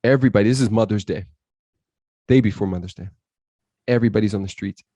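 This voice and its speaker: Low-voiced man telling an intense story. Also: fast, warm tone, no room sound. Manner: intense, quotes his inner voice and others. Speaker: podcast guest.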